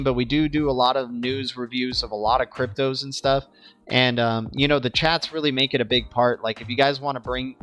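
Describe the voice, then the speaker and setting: A man's voice: medium pitch, fairly bright tone. A young man of Cuban background hosting a crypto livestream, chatting casually with viewers and often stumbling and repeating words.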